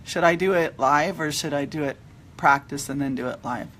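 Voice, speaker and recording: A woman's voice: low-pitched, moderate pace, a bit bright, slight background noise. A middle-aged woman chatting casually while doing her makeup, retelling an everyday run-in with quoted back-and-forth dialogue. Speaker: vlogger.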